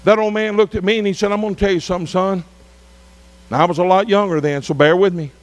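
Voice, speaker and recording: High-voiced preacher. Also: male voice, steady tone. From Arkansas. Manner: preacherly, drawn-out emphatic phrases. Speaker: pastor. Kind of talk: revival sermon.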